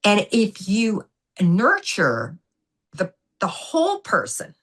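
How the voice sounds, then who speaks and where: A woman guest on a podcast interview, an animated, emphatic storyteller who acts out what people said. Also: medium pitch, slow pace, slightly rough. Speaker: guest, former gymnastics coach.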